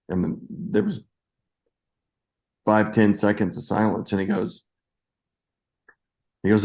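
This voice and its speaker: Man in his sixties, actor guest, lowish voice, animated storyteller, plays the voices he quotes. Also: takes it slowly, long pauses, low-quality recording. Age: 60s. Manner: lively anecdotes, acting out quoted voices. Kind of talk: casual interview storytelling.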